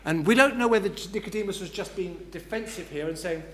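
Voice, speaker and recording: A man's voice: sits high, a little fast, hardly any pauses, a bit bright, a little hiss or hum. A man preaching an expository sermon who explains step by step and repeats key words for emphasis.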